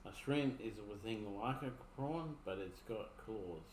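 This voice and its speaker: A man's voice: fairly low pitch, expressive, unhurried. An Australian man giving rambling, laid-back commentary as a streamer reacting to videos. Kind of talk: casual commentary. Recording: echoey room, faint noise.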